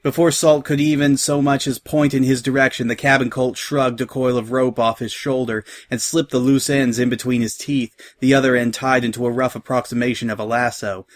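A man reads a story aloud with a steady, even narrating manner. His voice sits at an ordinary middle pitch for a man. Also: a little fast, hardly any pauses. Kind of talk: reading a fan story aloud.

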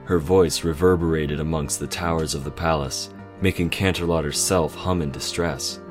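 A man's voice: very deep voice, fairly even intonation, moderate pace, faint music behind. A man reading a fan story aloud, with casual asides and self-corrections. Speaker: reader.

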